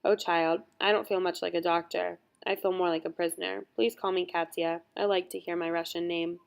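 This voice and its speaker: A woman voicing a gentle young female camp doctor, weary and homesick, in a soft hushed voice with slow, sighing delivery, for an audiobook. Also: fairly low pitch, level tone, gravelly. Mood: tender, sad.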